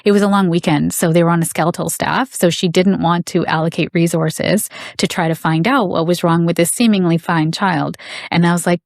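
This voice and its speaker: A woman with a low, gravelly voice recounts a personal story, her speech intense and indignant. The recording is close and dry, with no room sound. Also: steady tone, brisk, no echo. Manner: intense, indignant, acts out quoted dialogue. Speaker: podcast guest.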